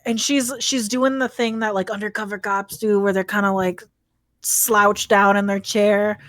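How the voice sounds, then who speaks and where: A woman player in a tabletop role-playing game, talking through her scene in a loose, rambling way. Her voice is mid-pitched, and the recording is dry and close. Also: level tone, normal speed, a bit bright, dry recording. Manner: casual, rambling, with fillers. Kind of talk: casual narration in a tabletop game.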